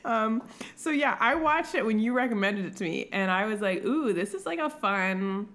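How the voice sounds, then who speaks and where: A young woman co-hosting a podcast in casual chat, animated and laughing often, swearing now and then. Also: fairly high pitch, normal speed. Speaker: podcast co-host.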